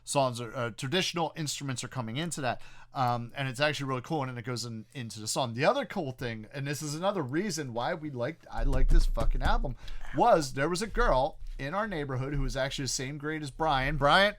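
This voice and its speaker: A man's voice: medium pitch, expressive, brisk, a bit bright, no echo. Profane, rambling man, dry close sound. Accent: Philadelphia-area American. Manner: rambling, profane storytelling with many fillers. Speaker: podcast co-host. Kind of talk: casual chat.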